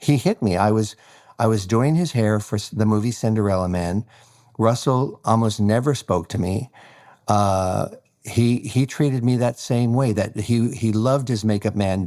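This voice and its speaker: Guesting on an interview podcast, a male hairstylist tells stories a little slowly in a fairly low-pitched voice. He brings each tale to life by performing the quoted voices of its characters.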